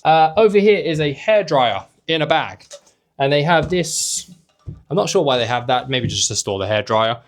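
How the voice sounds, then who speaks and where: A young man giving a casual, joking tour of a small hotel room, filmed on a handheld camera. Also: mid-range voice. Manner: chatty and joking, with offhand asides. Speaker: travel vlogger and host.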